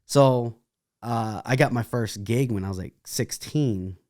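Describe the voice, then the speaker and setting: A young man from California, a dancer, telling lively stories in a casual interview with laughing asides and restarts. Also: medium pitch, unhurried, no echo, clean studio sound.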